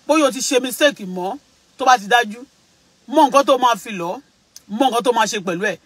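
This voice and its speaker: High, bright-voiced Nigerian man preaching. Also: no echo, low-quality recording. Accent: Nigerian Yoruba. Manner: emphatic, repetitive, switching between English and Yoruba. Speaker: vlogger. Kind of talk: preachy casual monologue.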